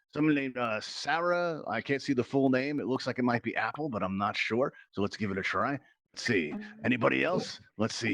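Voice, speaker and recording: A man's voice: mid-range voice, fairly bright tone, no echo. A man hosting a playful virtual reality game show, chatty and jokey, rambling with asides and fillers.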